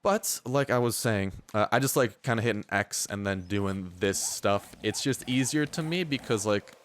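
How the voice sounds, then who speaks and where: Smooth-voiced young man, joking gameplay commentary. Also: fairly low pitch, normal speed, no echo. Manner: joking, rambling, playful mock speeches. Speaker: gaming YouTuber.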